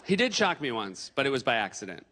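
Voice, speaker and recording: Animated male stand-up comedian. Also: medium pitch, fast talker, in a large hall, heavy background noise. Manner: animated storytelling with acted quotes.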